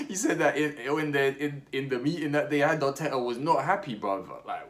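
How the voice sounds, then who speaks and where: Expressive and fairly bright, this young male podcast host talks football at a normal speed and medium pitch. It's opinionated, casual chat, packed with slang, false starts and fillers.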